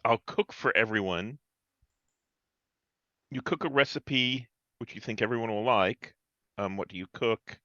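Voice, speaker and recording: A man playing in an online tabletop game, reading his cards aloud in a measured, plain way. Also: fairly low pitch, pushed and bright, dry recording. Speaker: player. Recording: dull lo-fi mic.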